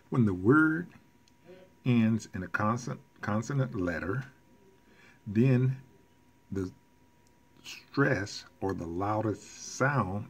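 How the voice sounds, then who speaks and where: A man teaching a recorded language lesson, explaining rules deliberately with casual asides and self-corrections. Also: on the low side, breathy edge. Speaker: Spanish teacher.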